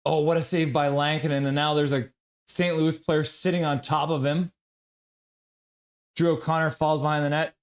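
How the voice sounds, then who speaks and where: Man calling hockey play-by-play, higher-pitched. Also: moderate pace. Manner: reads viewer chat aloud, excitable. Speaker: streamer doing live play-by-play.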